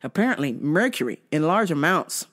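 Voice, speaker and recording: A man's voice: fairly high pitch, sing-song, a little fast, a bit bright. A man hosting a casual comedy podcast, telling news stories with profanity and frequent laughter. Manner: profane, laughing often, storytelling. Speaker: podcast host.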